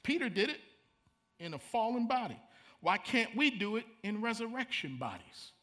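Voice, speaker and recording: A man's voice: sits high, very animated, moderate pace, pushed and bright. A middle-aged man preaching a sermon. He reads scripture aloud and comments on it with dramatic emphasis. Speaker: pastor.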